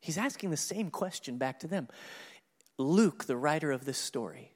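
High-voiced animated man preaching in a hall. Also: moderate pace. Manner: animated, acts out scripture dialogue with laughs. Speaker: pastor. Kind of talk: sermon.

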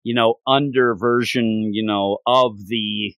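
A man co-hosting a casual manga chat, talking in animated, rambling runs full of restarts and fillers. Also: medium pitch, slow pace, no room sound. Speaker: podcast co-host.

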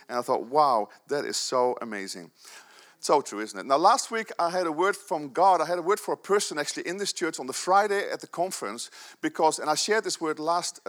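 A man preaching a sermon, telling stories and joking with the congregation. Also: on the high side. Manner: animated storytelling with audience banter and laughs.

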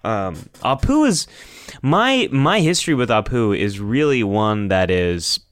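Smooth, low-voiced man recounting candidly. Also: sing-song, unhurried, no echo. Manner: candid and reflective, laughing wryly at himself. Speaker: podcast host. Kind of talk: casual podcast discussion.

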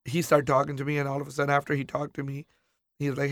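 A man telling a personal story in a casual interview, animated, acting out the people he quotes. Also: mid-range voice, rapid-fire, no room sound, studio quality.

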